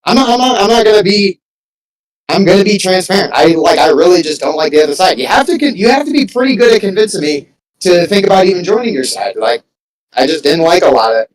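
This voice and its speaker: Rambling, somewhat high-voiced man, off-mic. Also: lively intonation, fast talker, far from the mic, rough recording. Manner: rambling, filler-heavy, swears casually. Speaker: friend in a casual debate. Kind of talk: casual political chat.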